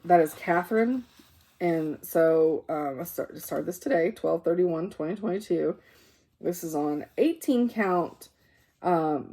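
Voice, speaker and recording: This is a relaxed show-and-tell: a woman vlogger presents her in-progress cross-stitch pieces, rambling, using fillers, and correcting herself. She's tired and yawns, and her lowish voice is mellow.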